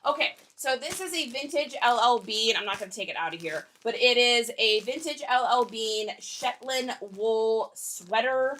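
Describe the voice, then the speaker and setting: A young woman hosts a casual reselling livestream, talking to viewers as she packs orders. Her voice is high and bright. She chats and jokes, reading viewers' comments aloud. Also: moderate pace, hardly any pauses. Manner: chatty, joking, reads viewer comments aloud. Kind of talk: casual livestream chat while packing orders.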